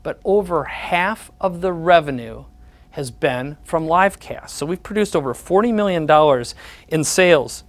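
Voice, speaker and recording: Higher-voiced man telling a sales story. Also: animated, a little slow. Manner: storytelling, repeats the words of others in conversation. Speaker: presenter. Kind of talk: sales presentation with personal anecdotes.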